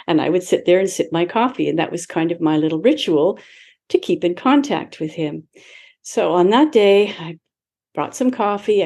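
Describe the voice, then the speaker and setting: A woman's voice: medium pitch, warm tone. A woman in her seventies, a guest in an interview, telling a personal story in a reflective way, acting out past conversations and laughing lightly now and then. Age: 70s. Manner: reflective, acts out her own past dialogue, laughs lightly between remarks.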